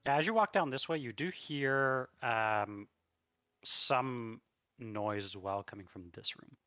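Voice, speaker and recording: A man's voice: mid-range voice, takes it slowly, sharp tone, no room sound, dull audio. A man running a tabletop game as game master, with a hesitant way of talking and many fillers.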